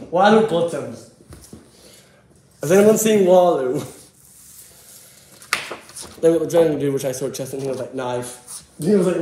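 A man giving excitable, giggly, rambling commentary as a vlogger. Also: a little high, a little hiss or hum. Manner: excitable, giggly, jumps between topics. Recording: echoey room.

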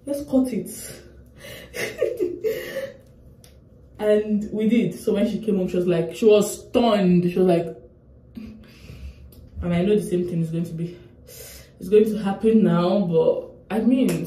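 A young woman from Nigeria talks straight to her viewers in a loose, emotional ramble. Her voice is mellow and warm. The sound carries a noticeable echo of a room at home. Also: mid-range voice, normal speed. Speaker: vlogger. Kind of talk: casual chat to camera.

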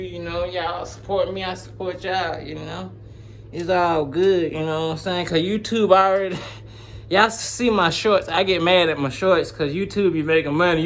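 In a phone-recorded vlog, a gaming YouTuber with a high-pitched, fairly bright voice chats casually with his channel while slight background noise runs underneath. He laughs often, uses plenty of slang, and wanders from topic to topic.

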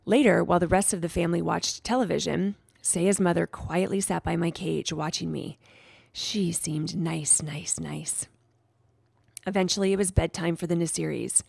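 Gravelly-voiced woman reading a storybook. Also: on the low side, dry recording, clean studio sound. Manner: gentle, expressive storytelling. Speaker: storybook reader. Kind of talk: reading a children's chapter book aloud.

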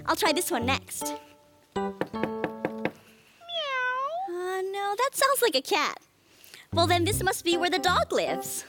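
A woman presenting a children's TV show, playing a police officer in a giggly, singsong, slowly exaggerated way. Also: extremely high pitch, big pitch swings. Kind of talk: playful children's TV role-play. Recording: music under voice.

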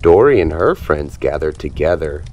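A man reads a children's picture book aloud in a low voice at a moderate pace, his intonation rising and falling dramatically. He keeps it expressive and animated for young listeners, though the sound is lo-fi with slight background noise.

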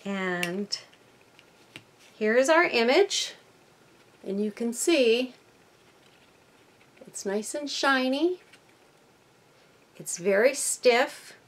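A woman's voice: on the high side, lively intonation, drawn-out words, long pauses. A woman hosting a casual crafting tutorial at her workbench, chatting to viewers and thinking aloud as she works. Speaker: crafting channel host.

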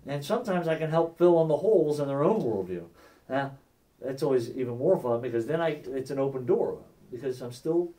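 A man's voice: medium pitch, lively intonation, a little fast, mellow, recorded from a distance. A man teaching a church class on sharing faith, talking conversationally, checking in with the class and acting out quoted exchanges. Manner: conversational, asks the class questions, acts out quoted dialogue.

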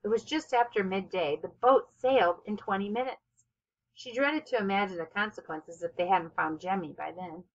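A woman reading a children's novel aloud as narrator, with expressive, steady storytelling. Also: mid-range voice, normal speed, muffled recording. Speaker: audiobook narrator. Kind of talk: scripted narration.

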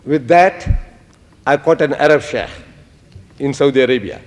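A man's voice: mid-range voice, moderate pace. Older man lecturing in an echoey hall. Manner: animated, quotes Arabic phrases. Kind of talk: public lecture with storytelling.

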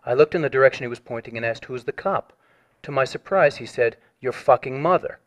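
Formal man reading a complaint. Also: medium pitch. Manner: measured, formal, reads a written statement. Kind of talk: recorded phone call.

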